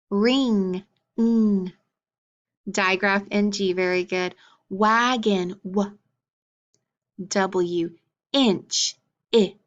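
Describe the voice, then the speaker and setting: A woman teaching a phonics lesson to children, praising each answer in an encouraging way. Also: mid-range voice. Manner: slow, clear drill pace. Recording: dull lo-fi recording.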